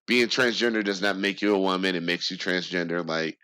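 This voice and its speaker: Low-voiced laid-back podcast co-host man. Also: fairly quick, pushed and bright, smooth. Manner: laid-back, profane, hesitant with fillers. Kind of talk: casual podcast chat.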